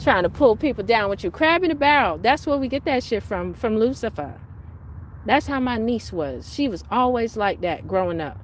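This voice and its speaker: A woman venting angrily in a monologue, cursing and swinging from low mutters to loud outbursts, recorded on a phone. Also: animated, moderate pace, a little hiss or hum. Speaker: vlogger living in a tent.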